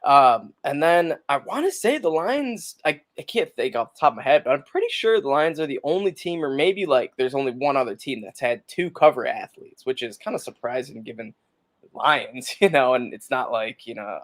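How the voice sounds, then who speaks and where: A man's voice: mid-range voice, lively intonation, moderate pace. A man co-hosting a casual sports podcast, friendly and chatty, putting questions to the others. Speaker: podcast co-host.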